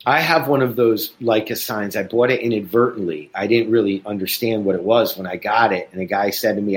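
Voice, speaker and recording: Man, casual chat, host, animated storyteller, does voices for others. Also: lowish voice, fairly quick, hardly any pauses. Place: Chicago, USA.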